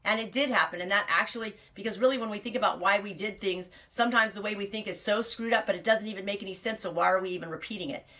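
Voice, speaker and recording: A woman's voice: mid-range voice, fast, few pauses, sharp tone. A middle-aged woman hosting a show, talking candidly in a rambling confessional monologue, often restarting mid-sentence. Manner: rambling, self-interrupting and candid. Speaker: podcast host.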